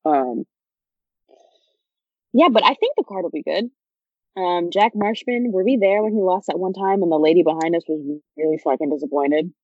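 A woman's voice: lowish voice, lively intonation, normal speed, long pauses, warm tone, dry recording. A young woman co-hosting a podcast in casual chat, laid-back and joking, swearing casually. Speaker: podcast co-host. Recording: dull lo-fi dry sound.

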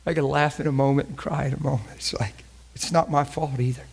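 A man preaching a sermon with passion, swinging between loud emphasis and hushed near-whispers and asking the congregation direct questions. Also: medium pitch, fairly even intonation, fast, vocal fry, few pauses, slightly rough.

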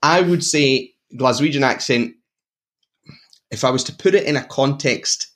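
A man's voice: medium pitch, measured pace, a bit bright, slight background noise. Laid-back Scottish man. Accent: Scottish, Glasgow area. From Scotland. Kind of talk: casual chat.

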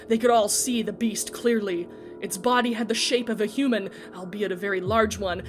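A woman telling a story with an expressive, dramatic reading. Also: fairly high pitch, slight background noise. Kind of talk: storytelling narration.

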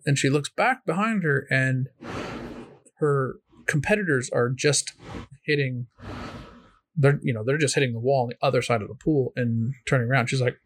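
Man telling a halting motivational story. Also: mid-range voice, no echo. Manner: halting, many fillers and restarts.

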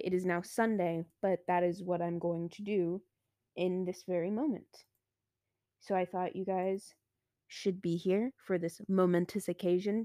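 A teenage girl hosting her own podcast, talking casually and excitedly with lots of "like" and "I was like", recorded close and dry. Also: medium pitch, no room sound. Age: teens. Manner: chatty and excitable, heavy use of "like" and "I was like". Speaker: podcast host. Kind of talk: casual solo podcast monologue.

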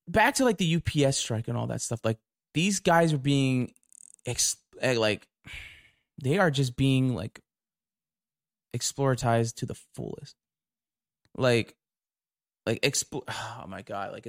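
Young man, podcast host, casual rant, profane and indignant, mid-pitched voice, recorded on camera.

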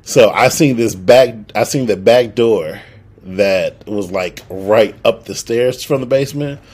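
A husky young man in his twenties tells a story in loose, swearing podcast chat. His voice sits low, and he slips into the lines of everyone in the story with lively delivery. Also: a little slow. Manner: animated, profane, acts out quoted dialogue. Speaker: podcast co-host.

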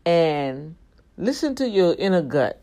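Talking directly to his regular viewers, a vlogger delivers a casual monologue full of urgent warnings, emphatic and preachy, with prayerful asides breaking in. His pitch leaps up whenever he wants to drive a point home. The tone is warm and sing-song at a measured pace.

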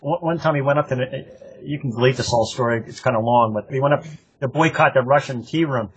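A man's voice: medium pitch, quick pace, breathy edge, lo-fi sound. An older man telling rambling, profane stories from his club days in a casual interview, laughing often. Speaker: interview guest, longtime running club member. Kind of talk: casual anecdotal storytelling.

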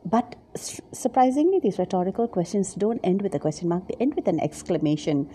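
A Bible teacher with a deeply mellow, dark-toned female voice leads a devotional reflection in a sing-song manner. She speaks gently and haltingly, often repeats words, and sometimes sinks into a soft whisper, with faint noise beneath her.

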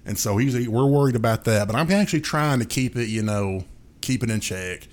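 A man's voice: mid-range voice, expressive, fairly quick, darkish tone. A man co-hosting a podcast, telling a story in a rambling casual way with his own sound effects. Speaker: podcast co-host. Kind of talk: casual chat.

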